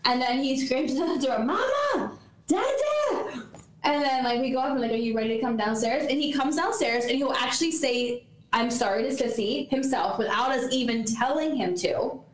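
Sex: woman. Role: podcast co-host. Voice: fairly high, chatty and anecdotal. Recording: echoey room. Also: brisk, slight background noise. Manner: chatty, anecdotal, laughs easily. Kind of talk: casual chat.

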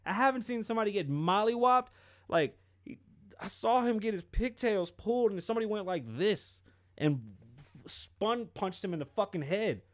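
A man's voice: high voice, expressive, normal speed. A male host giving casual, profane pop-culture commentary on a livestream and acting out quoted dialogue.

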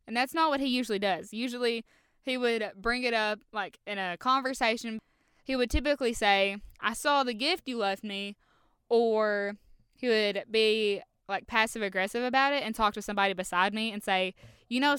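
A woman's voice: fairly high pitch, clear, resonant tone, no echo, studio quality. Young woman telling a prank story. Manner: animated, acts out quoted lines. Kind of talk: personal anecdote told to listeners.

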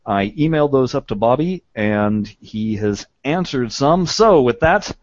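Chatty podcast host, dry muffled sound. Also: male voice, mid-range voice, animated, unhurried, no room sound. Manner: chatty, laughs often, fills with "uh". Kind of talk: casual podcast chat.

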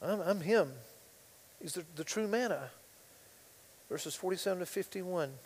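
A man preaching a sermon as pastor, swinging between loud emphatic bursts and quiet asides. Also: sits high, unhurried, long reverb tail, a little hiss or hum, low-quality recording.

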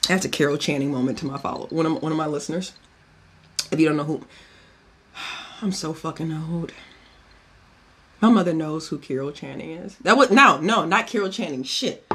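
A man's voice: a little high, normal speed, pauses often, pushed and bright, slight background noise. A man hosting a podcast in a casual chat, giving a cocktail recipe in a chatty, profane way and drifting off on tangents. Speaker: podcast host.

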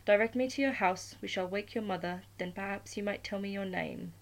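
A mischievous male trickster god from a storybook tale, read out by a woman, teasing and grand. He speaks with easy, playful confidence, a little louder than the telling around him. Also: medium pitch, brisk, natural voice.

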